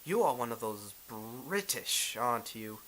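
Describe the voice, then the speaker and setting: Guy doing a stern sword lady, suspicious, slow and bright-toned, slight hiss behind. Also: medium pitch, very animated, low-quality recording. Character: stern sword-carrying woman, suspicious of strangers.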